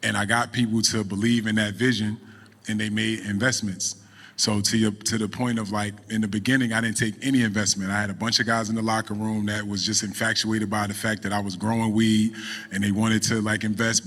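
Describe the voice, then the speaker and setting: A middle-aged man, a guest on a podcast, telling a story in a relaxed, animated way and running a business. He falls into casual speech. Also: lowish voice, fairly quick, long reverb tail. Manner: animated storyteller, acts out quoted voices. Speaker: podcast guest, cannabis entrepreneur.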